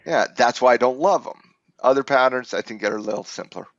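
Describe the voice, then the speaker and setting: Male trading coach, casual on-air chat, mid pitch, dull dry recording. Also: brisk, no echo. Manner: thoughtful, restarts phrases, laughs easily. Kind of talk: casual chart analysis chat.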